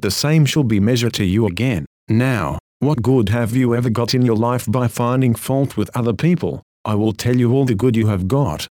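A man's voice: mid-range voice, a little mellow, no room sound, studio quality. Solemn man reading an old sermon. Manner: formal, solemn, exhorting with archaic phrasing. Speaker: preacher. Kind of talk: reading a Victorian sermon aloud.

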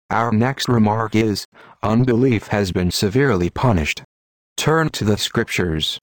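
A man delivers a sermon with emphatic, rhetorical oratory. His voice sits low, and the recording is dry and close, with no room sound. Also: no room sound. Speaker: preacher. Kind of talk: sermon reading.

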